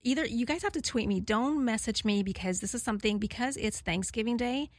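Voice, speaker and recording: A woman's voice: on the high side, fairly quick, no room sound, studio quality. A woman in her forties hosting a radio talk show, chatting candidly and rambling with many fillers and frequent laughter. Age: 40s. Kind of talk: casual chat to listeners.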